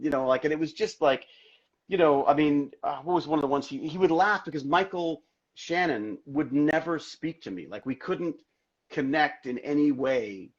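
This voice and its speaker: A middle-aged man, an actor guest in a casual interview, telling stories in an excitable, rambling way full of restarts. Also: on the high side, dull audio. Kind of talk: casual video-call interview.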